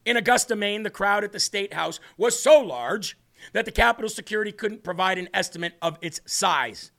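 A man's voice: sits high, normal speed, gravelly, pushed and bright. A man hosting a live political commentary stream, combative and scornful, talking to his co-host.

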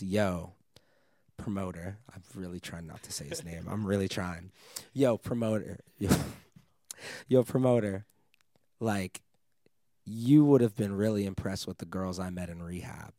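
Animated young man telling a story. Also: deep voice, normal speed, dry recording, clean studio sound. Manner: animated, laughing storyteller who swears often. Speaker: guest DJ. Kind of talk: casual storytelling chat.

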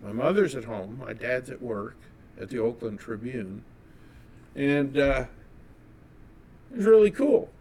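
A man from California telling a personal story as an interview guest, animated and acting out the dialogue. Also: mid-range voice, unhurried, long pauses, a little hiss or hum. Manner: animated, acts out quoted dialogue.

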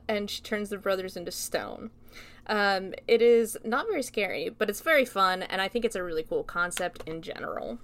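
A woman's voice: medium pitch, a bit bright. Chatty young woman reviewing a film. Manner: loose, chatty retelling with frequent swearing and laughs. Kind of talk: casual spoken review.

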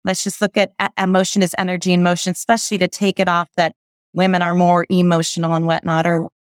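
A woman's voice: fairly low pitch, monotone, fast talker, clean tone, no echo, clean studio sound. A woman speaking as an interview guest, explaining ideas on intuition in a rambling, self-correcting way like a spiritual teacher.

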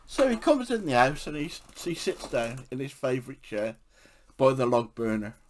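A man's voice: mid-range voice, lively intonation, normal speed, slight background noise. A man from England, telling funny anecdotes from his life for a podcast and often laughing at his own stories. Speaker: podcast storyteller. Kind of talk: anecdotal storytelling.

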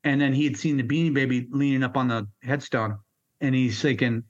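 A man's voice: medium pitch, fairly even intonation, a little fast, dull audio. A middle-aged man, a Marine veteran, telling war stories bluntly in an interview, swearing and acting out the dialogue. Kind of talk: storytelling interview.

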